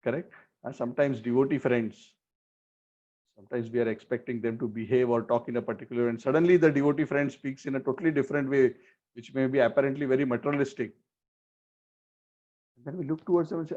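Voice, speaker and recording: A man giving a sermon on scripture, slowly chanting verses and asking rhetorical questions. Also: mid-range voice, mellow. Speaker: spiritual teacher. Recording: dull lo-fi recording.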